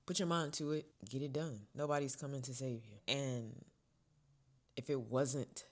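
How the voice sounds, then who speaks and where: A young woman vlogger telling a personal story in a casual, expressive way, dropping to hushed whispers and rising to loud bursts. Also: rumbling low, normal speed.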